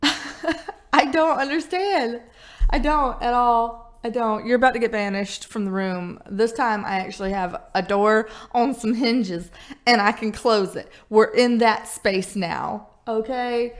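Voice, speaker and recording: A woman's voice: medium pitch, measured pace. A woman doing a casual tarot reading vlog, irreverent and profane, laughing often. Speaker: tarot reader.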